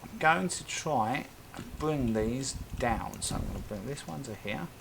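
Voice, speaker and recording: Casting: male game streamer at a desk mic, mid-pitched, rambly self-talk, faint ambience under it. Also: animated, measured pace, creaky, background noise. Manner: rambling, thinking aloud with self-talk and tangents. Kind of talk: casual live-stream commentary while playing.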